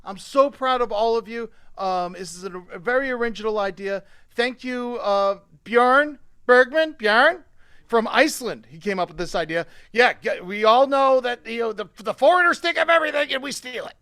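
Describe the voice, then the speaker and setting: A man with a high, bright, forceful voice hosts a live-streamed comedy show. He rants with loose profanity, dropping to mutters and then bursting into shouts. The sound is close and dry, with no room around it. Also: normal speed, smooth, dry recording. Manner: profane, excitable ranting that swings between quiet asides and shouting. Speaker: show host.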